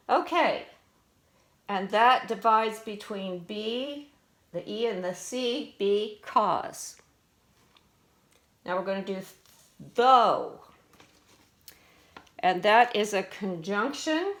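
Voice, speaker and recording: A woman teacher slowly explaining vocabulary words, their parts of speech and syllables, in a deliberate classroom manner. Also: medium pitch, expressive, fairly bright tone. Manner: slow and deliberate, explaining word by word. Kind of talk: vocabulary lesson.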